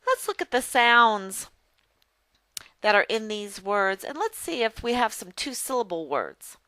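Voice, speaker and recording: Woman teaching phonics, slow careful words, bright voice, dry close sound. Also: on the high side, very animated, dry recording. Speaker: reading tutor. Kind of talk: phonics lesson.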